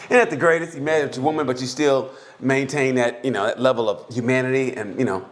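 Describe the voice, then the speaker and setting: A man's voice: mid-range voice, fast. A man co-hosting a podcast in loose, profane, joking chat, acting out people in his stories. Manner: profane, animated, acts out voices in anecdotes. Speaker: podcast co-host. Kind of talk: casual comedic chat.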